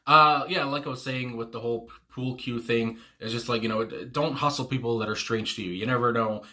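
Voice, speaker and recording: A man's voice: mid-range voice, steady tone, a little fast, pushed and bright. A young man hosting a casual music reaction, rambling with many fillers and restarts and laughing often. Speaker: music reaction channel host.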